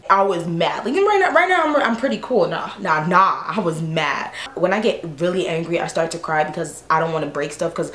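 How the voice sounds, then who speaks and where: A woman in her twenties telling a storytime vlog, animated, exasperated and slangy, in an echoey room. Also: low-pitched, moderate pace, few pauses. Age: 20s. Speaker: vlogger.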